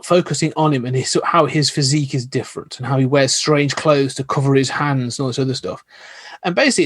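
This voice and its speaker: A man's voice: a little high, no room sound. A man, a podcast guest, telling stories in an enthusiastic, rambling, casual way. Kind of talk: casual chat.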